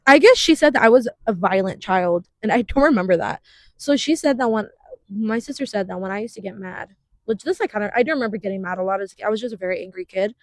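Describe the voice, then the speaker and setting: A woman in her twenties co-hosting a podcast in casual chat, talking fast with many fillers and frequent laughs. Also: mid-range voice, lively intonation, no echo. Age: 20s. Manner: chatty, laughs often, uses many fillers. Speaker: podcast co-host.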